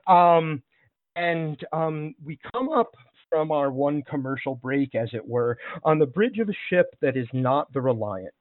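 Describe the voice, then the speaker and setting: This game master's voice is on the high side and his pace is measured as he narrates tabletop role-playing scenes in a rambling, filler-heavy way. The online call audio is dry and phone-like, with no room sound.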